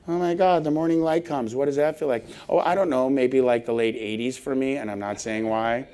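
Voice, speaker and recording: A middle-aged man giving a humorous conference talk, animated and laughing often as he acts out little scenes. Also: mid-range voice, moderate pace. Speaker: conference speaker. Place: conference hall stage.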